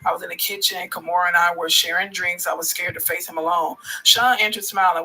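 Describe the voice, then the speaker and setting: Bright-voiced man reading a story aloud. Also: high-pitched, little pitch movement, brisk, hardly any pauses, low-quality recording. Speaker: livestream host.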